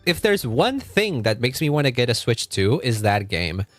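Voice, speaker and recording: A man's voice: medium pitch, very animated, normal speed, no room sound, faint music behind. A young man streaming a game from home, chatting casually, swearing freely and laughing often. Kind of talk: casual gaming livestream chat.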